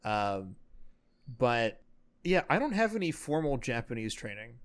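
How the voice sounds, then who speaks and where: A man who is a podcast guest, speaking slowly at a mid pitch. He chats casually and measures his words, pausing on ums as he explains. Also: sing-song.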